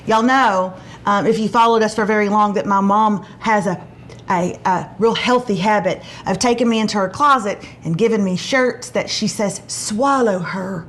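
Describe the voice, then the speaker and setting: A middle-aged woman hosting a casual chat show and telling stories, acting out quotes with big jumps in pitch. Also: steady tone, moderate pace, a little hiss or hum. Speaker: show host.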